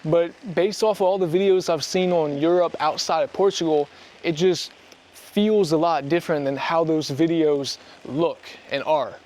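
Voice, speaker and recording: A young man from the United States chats to his camera while exploring outdoors in the sun. His voice sits a little higher than most men's, and he talks with easy, gushing enthusiasm in a casual travel-vlog way. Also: moderate pace, a little mellow. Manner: chatty and enthusiastic, talking to the camera. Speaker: travel vlogger. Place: outdoors on a sunny hillside.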